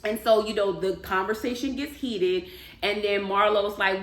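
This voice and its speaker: A woman recapping a reality show in a casual, animated, chatty way, with emphatic storytelling. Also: mid-range voice, normal speed. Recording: echoey room.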